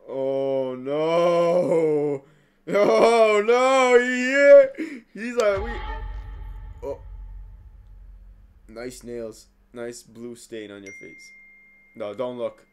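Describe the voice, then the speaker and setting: A young man hosting a reaction video, talking back to the screen with excitable outbursts and mumbled asides. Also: on the high side, very slow, long pauses, smooth. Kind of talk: casual reaction commentary.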